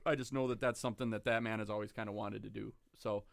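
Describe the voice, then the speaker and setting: A man hosting a casual podcast, telling a story in a relaxed way with many ums and uhs. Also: lowish voice, quick pace, gravelly, no echo, studio quality. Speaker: podcast host. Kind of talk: casual chat.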